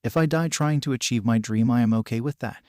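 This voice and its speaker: A man's voice: medium pitch, brisk, a little mellow, no echo, clean studio sound, close to an everyday voice. A man voicing a carefree young male pirate captain in a storybook reading, blunt and casual.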